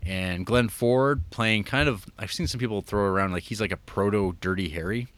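A man's voice: on the low side, moderate pace, a bit bright, no room sound. A man casually recapping an old film as a podcast co-host, rambling with lots of fillers.

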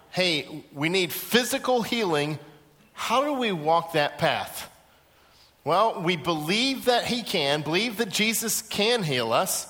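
A male pastor preaching a sermon in a large auditorium, telling stories and acting out the voices in them. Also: sits high. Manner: lively storytelling, acts out quoted voices. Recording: echoey hall.

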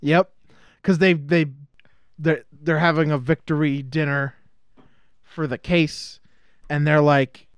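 A man's voice: on the high side, flat delivery, slow, pauses often, clean tone, no echo, muffled recording. Joking man with a raised voice, podcast co-host. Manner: joking, crude, mocks characters in silly voices. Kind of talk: casual movie-review chat.

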